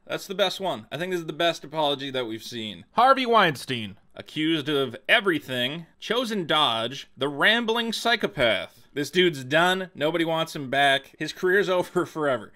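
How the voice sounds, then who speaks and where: Sarcastic guy ranting on his channel, bright voice that jumps all over, swears a lot. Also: on the high side. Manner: sarcastic, incredulous, swears a lot, laughs while reading. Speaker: commentary video host. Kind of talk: comedic commentary rant.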